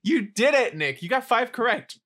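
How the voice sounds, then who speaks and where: A man's voice: very high-pitched, very animated, moderate pace, a bit bright. A young man co-hosting a podcast, chatting casually and reflectively as he explains things. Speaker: podcast co-host.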